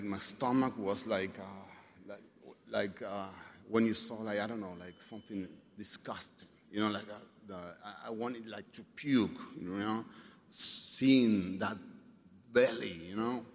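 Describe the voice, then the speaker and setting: A man sharing his personal story at a recovery meeting, halting, with many fillers, restarts and swearing, and some wry humor. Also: lowish voice. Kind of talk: personal testimony. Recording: reverberant hall, faint background noise.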